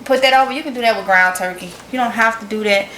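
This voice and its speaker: A woman's voice: on the high side, fast talker, sharp tone, echoey room, slight background noise, poor audio. A woman with a Mississippi Southern accent, chatting folksily to her viewers in a casual cooking vlog. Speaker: vlogger.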